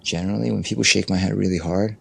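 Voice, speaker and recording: A middle-aged man with a low, gravelly voice shares personal stories in a relaxed interview. He talks casually with lots of "you know," and briefly mimics the people in his anecdotes. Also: racing. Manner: animated storyteller acting out quoted people, frequent "you know". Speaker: interview guest, life coach and barista. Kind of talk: candid conversational storytelling.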